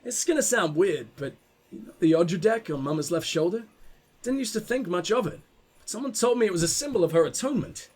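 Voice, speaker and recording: A man's voice: sits high, expressive, a little fast, a little mellow. A man hosting a game playthrough, reading in-game text aloud and breaking off for casual, profane, joking asides, often stumbling and restarting his lines. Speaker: let's play host.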